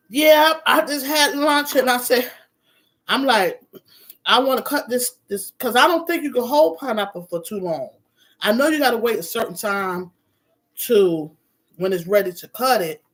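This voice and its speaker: A woman chatting casually on a live stream, shifting between bright greetings and quiet murmurs. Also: fairly high pitch, expressive, normal speed.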